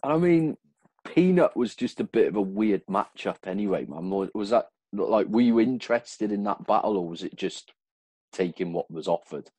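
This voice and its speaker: A man's voice: on the low side, animated, moderate pace, dark tone, slightly rough, no echo. A man hosting a podcast interview, asking questions in an easygoing, hesitant way with many fillers. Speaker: podcast host. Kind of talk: casual interview chat.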